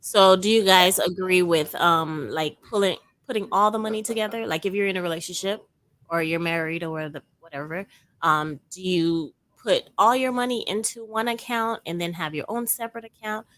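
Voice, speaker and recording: A woman co-hosting a podcast, asking questions and reacting in a lively way. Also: lowish voice, normal speed, dry recording. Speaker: co-host. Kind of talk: casual podcast chat.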